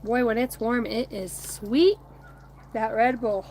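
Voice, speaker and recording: A woman's voice: a little high, fairly even intonation, slow, a little mellow, slight background noise. A woman in her thirties hosting a casual card-reading chat on a phone outdoors, rambling, swearing and laughing between remarks. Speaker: oracle card reader streaming to viewers. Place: outdoors by a bonfire at home.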